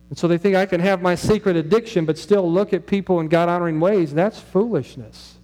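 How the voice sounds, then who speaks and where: Middle-aged male pastor, sermon delivery, warm, higher-pitched voice, chatty and questioning. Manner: conversational, asks the congregation questions.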